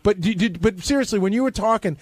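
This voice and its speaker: Fast-talking, needling man with a high voice. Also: dry recording. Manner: pressing, blunt and needling. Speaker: radio show staffer. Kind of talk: heated on-air argument.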